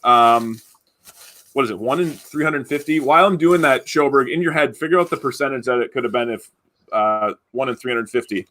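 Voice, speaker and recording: A man's voice: mid-range voice, brisk, sharp tone. Rambling casual male stream host. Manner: rambling, many fillers and restarts. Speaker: podcast host running a giveaway. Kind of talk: casual live-stream chat.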